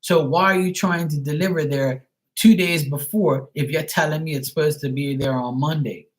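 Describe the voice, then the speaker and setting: A man's voice: on the high side, steady tone, moderate pace, poor audio. Profane, exasperated man ranting on a stream. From Bermuda. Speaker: live streamer. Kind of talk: casual live-stream rant.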